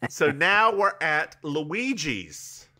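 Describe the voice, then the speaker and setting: A man co-hosting a casual podcast, walking through a TV episode and slipping into playful character voices. His tone is bright, his pitch swoops around a lot, and he takes his time. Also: very animated, very slow. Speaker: podcast co-host. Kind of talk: casual recap chat.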